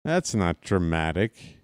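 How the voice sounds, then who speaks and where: A man doing casual live baseball play-by-play from his apartment, wisecracking and drifting into asides between pitches. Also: a little mellow, no room sound, clean studio sound. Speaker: play-by-play broadcaster. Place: home apartment.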